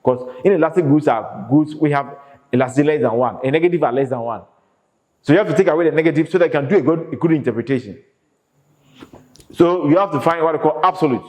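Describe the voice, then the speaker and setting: An economics lecturer gives an emphatic classroom lecture, posing questions to the class and then answering them himself. His voice is fairly high and darkish in tone, and he speaks quickly. The room is echoey and reverberant.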